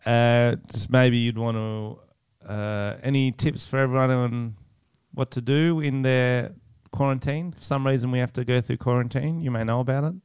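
An Australian man co-hosts a podcast with playful, teasing banter and frequent laughter. His voice is smooth and resonant, recorded close and dry. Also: medium pitch, steady tone, normal speed, darkish tone, no room sound. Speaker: podcast co-host. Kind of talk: casual comedic podcast banter.

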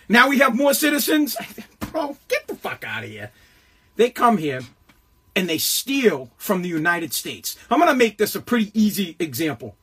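Brief: male host, high husky voice, heated mocking rant, swears constantly, shouts often. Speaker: political commentary host. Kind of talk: profane political rant monologue.

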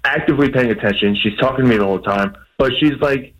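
A man's voice: medium pitch, fast, rough recording. A man calling into a radio show, exasperated and rambling, with many "like"s in his speech. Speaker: radio caller. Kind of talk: phone-in complaint.

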